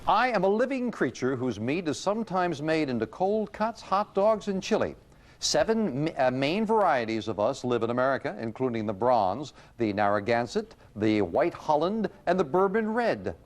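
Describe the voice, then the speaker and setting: A man's voice: a little high, expressive, normal speed. A man hosting a quiz show, reading clues and joking with the contestants. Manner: jovial, playful banter with contestants. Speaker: game show host. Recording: 1980s TV broadcast with loud audience and noise.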